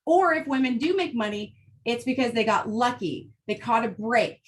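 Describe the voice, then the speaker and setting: High-voiced fired-up woman giving motivational talk. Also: animated, normal speed. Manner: fired-up, emphatic, blunt with swearing. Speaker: team leader addressing women in her business.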